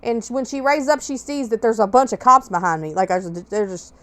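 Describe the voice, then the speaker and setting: A woman's voice: on the high side, fast talker, fairly bright tone. A woman hosting a podcast, telling a personal story in a blunt, candid way with plenty of swearing. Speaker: podcast host.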